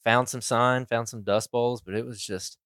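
Laid-back podcast co-host, dry mic. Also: male voice, medium pitch, fairly even intonation, moderate pace, fairly bright tone, clean tone, no echo. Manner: laid-back, easygoing recounting. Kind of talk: casual hunting chat.

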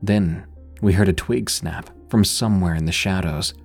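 Deep husky man narrating horror. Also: faint music behind. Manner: measured, suspenseful storytelling.

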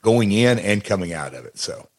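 Older guy, low voice, rambling on about backstage days, lots of stops and starts. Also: lively intonation, slightly rough. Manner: rambling, halting, reflective. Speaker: retired wrestler, guest. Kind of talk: casual chat.

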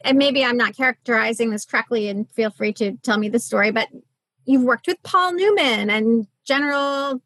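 A woman hosts the interview with eager enthusiasm and often restarts her questions mid-sentence. Her voice is fairly high for a woman. The sound is dry and close, with no echo. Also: moderate pace, a bit bright. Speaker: podcast host. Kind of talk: casual interview chat.

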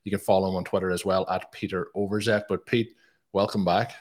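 A man hosts a podcast in a chatty, easygoing manner, with lots of "uh"s as he rolls through announcements. His voice sits on the low side. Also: flat delivery, a little fast. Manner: chatty, plugging with many fillers. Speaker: podcast host. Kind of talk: casual podcast chat.

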